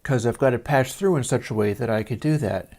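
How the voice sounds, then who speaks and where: A man hosting a livestream from his home studio, talking in a meandering, casual way with many pauses and fillers. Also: medium pitch, creaky, a little mellow. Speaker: livestream host. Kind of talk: casual rambling monologue.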